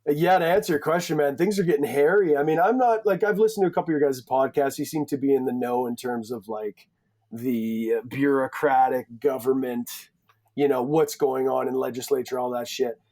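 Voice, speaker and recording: A man's voice: mid-range voice, brisk, darkish tone. Joking profane Canadian man. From Alberta, Canada. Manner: joking, profane, rambling banter. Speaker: podcast guest. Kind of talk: casual podcast chat.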